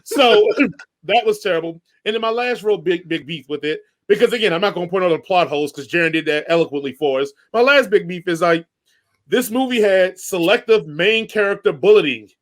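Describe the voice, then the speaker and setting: A man co-hosting a podcast, giving an animated, jokey movie rant with swearing in a casual chat. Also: high-pitched, fairly quick. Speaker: podcast co-host.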